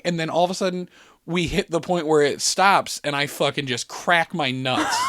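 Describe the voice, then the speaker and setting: A man's voice: on the high side, a bit bright, dry recording, studio quality. A man telling a long, rambling story on a podcast in a casual chat, swearing often and breaking into laughter. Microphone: podcast studio mic.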